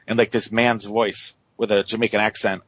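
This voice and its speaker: Low-voiced rambling male radio guest. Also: little pitch movement, moderate pace, fairly bright tone, dull audio. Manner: rambling, many fillers and restarts. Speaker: paranormal investigator guest. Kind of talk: casual storytelling on radio.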